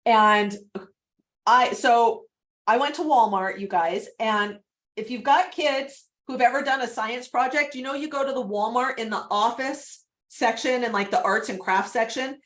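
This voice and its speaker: A woman coaching on a video call, her voice sitting a little on the high side. She talks in a chatty, animated way and laughs easily. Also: a little slow. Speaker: real estate prospecting coach.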